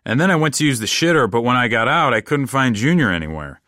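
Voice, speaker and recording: A man telling a comic first-person story in a deadpan, rambling, casual way. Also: mid-range voice, fast talker, no room sound, clean studio sound.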